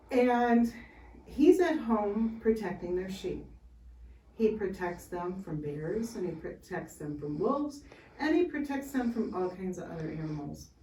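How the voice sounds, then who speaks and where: A woman tells a Bible story to children in a slow, chatty way, breaking off for asides. She is recorded by a camera some distance away in a church room. The sound is roomy, with a faint hiss. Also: medium pitch, mellow. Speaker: Sunday school storyteller.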